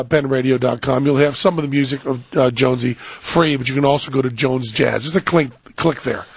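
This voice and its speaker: A man's voice: medium pitch, gravelly, breathy edge, no echo, muffled recording. A middle-aged American man hosting a radio show, telling a rambling story and interrupting himself. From United States. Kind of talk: casual radio chat with storytelling. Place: radio studio.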